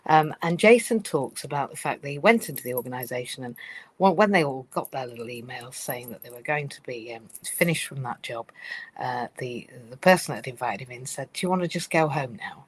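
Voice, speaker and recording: A woman's voice: extremely low pitch, expressive, brisk, slightly rough, low-quality recording. A woman giving a live-streamed talk about workplace change. She tells it as a story, talks to listeners directly with fillers and asides, and acts out other people's worried voices. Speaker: speaker on change in organisations.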